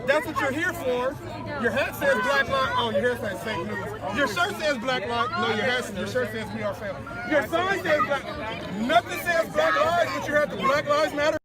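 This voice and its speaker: A man's voice: extremely high pitch, normal speed. A man at an outdoor street protest, mocking and taunting someone with emphatic, repetitive jabs. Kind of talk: heckling street confrontation. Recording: loud crowd noise outdoors. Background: loud protest crowd.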